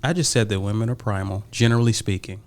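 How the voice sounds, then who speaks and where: A man's voice: fairly low pitch, quick pace. A middle-aged married man co-hosting a podcast, arguing emphatically and acting out quoted conversations in a casual debate. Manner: emphatic, acts out quoted dialogue. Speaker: podcast co-host.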